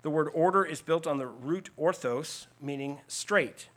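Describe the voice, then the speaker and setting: A man's voice: fairly high pitch, unhurried, fairly bright tone. A man preaching a sermon, explaining scripture in an earnest teaching tone with emphatic lists. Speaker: pastor.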